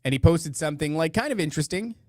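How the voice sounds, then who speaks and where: A man's voice: fairly high pitch, lively intonation, fast talker, no room sound, clean studio sound. A man hosting a podcast, reacting to clips with sarcastic, rambling commentary. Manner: sarcastic, mocking, rambling asides. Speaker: podcast host. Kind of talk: casual commentary over clips.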